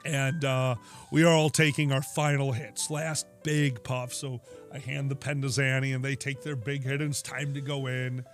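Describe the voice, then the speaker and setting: A man's voice: medium pitch, moderate pace, over music. A man co-hosting a casual chat show, telling stories and acting out the people in them. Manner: animated, acts out quotes in voices. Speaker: podcast co-host.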